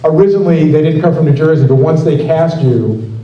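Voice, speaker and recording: Halting moderator in an echoey hall. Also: male voice, a little high, mellow, distant mic, muffled recording. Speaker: panel moderator. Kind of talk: panel moderation. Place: convention panel room.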